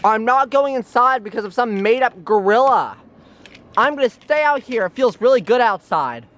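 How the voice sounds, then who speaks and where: A woman's voice: on the high side, expressive, normal speed, fairly bright tone, slight background noise. A woman voicing Bolt, a stubborn, laid-back young man who speaks lazily and dismissively. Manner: lazy, dismissive.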